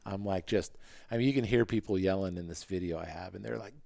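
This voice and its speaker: Man, 50s, podcast guest, casual storytelling, animated, dry close sound. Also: a little fast, creaky, no echo. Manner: animated, acts out quotes in a higher voice. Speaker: podcast guest, former motocross racer.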